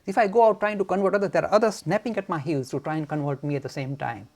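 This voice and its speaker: A man from India gives a frank, forceful lecture on Hinduism to students. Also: a little high, fast. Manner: forceful, frank, animated, mock-arrogant.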